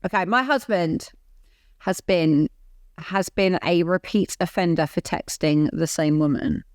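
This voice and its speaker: A woman co-hosts a casual podcast in a somewhat low voice, chatty and prone to the giggles. She reads listener messages aloud, and the recording is close and dry. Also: slow pace, a little mellow, dry recording. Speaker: podcast co-host.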